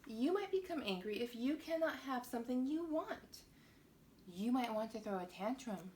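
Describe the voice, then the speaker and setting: A woman reading a children's picture book aloud to young viewers, with a playful, expressive storytelling manner. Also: a little high, normal speed, slight background noise.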